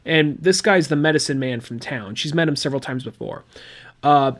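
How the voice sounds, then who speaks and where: A man's voice: on the high side, moderate pace. A man hosting a podcast, recapping a comic book in a rambling, chatty way with asides. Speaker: podcast host.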